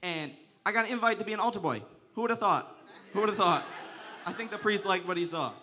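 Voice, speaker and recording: A man's voice: sits high, brisk, pushed and bright. A young man performing a stand-up comedy set, telling crude, profane stories and often laughing through his lines.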